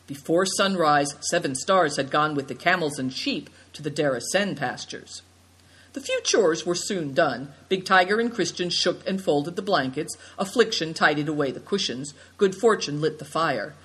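A woman reading a story aloud as narrator, lifting her pitch to voice the characters. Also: animated, moderate pace, a bit bright, slightly rough. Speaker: audiobook narrator.

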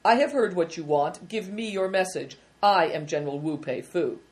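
A woman's voice: fairly low pitch, expressive, normal speed, darkish tone, lightly acted. Woman reading as a severe old general. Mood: stern. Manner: severe, commanding. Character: stern, dry-humoured army general, man.

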